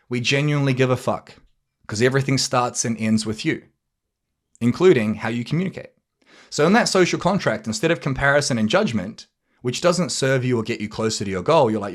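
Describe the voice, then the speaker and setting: Male podcast host, motivational coach type, blunt and casual, swears, acts out quick dialogue bits. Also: mid-range voice, expressive. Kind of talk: motivational monologue.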